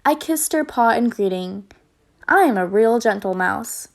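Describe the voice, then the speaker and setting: A woman reading a children's storybook aloud in an expressive, lively way. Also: on the high side, normal speed.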